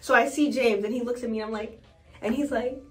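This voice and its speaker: A young woman from New York telling stories in a casual vlog, chatty and animated, acting out quotes in high squeals. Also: quick pace, faint music behind. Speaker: vlogger.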